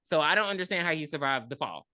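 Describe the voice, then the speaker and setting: A woman's voice: sits low, quick pace, a crowd in the background. A woman co-hosting a podcast, casually recapping a film and acting out the characters' lines. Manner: animated, acts out characters in quotes. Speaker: podcast co-host. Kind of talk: casual movie recap chat.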